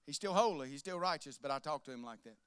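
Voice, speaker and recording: A man preaching a sermon as pastor, swinging between loud preaching and soft asides, with laughs. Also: fairly high pitch, animated, fast, clean tone, no room sound, studio quality.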